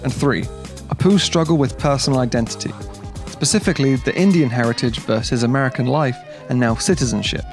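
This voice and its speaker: A man reads his scripted video essay in a measured, explaining tone. His mid-pitched voice has a gravelly rasp at the ends of phrases. Faint music plays underneath. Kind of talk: scripted narration.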